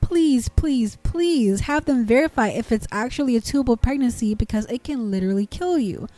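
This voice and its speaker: A woman narrator reading forum comments aloud in an indignant, expressive way. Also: fairly high pitch, normal speed, dry recording. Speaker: narrator reading online posts.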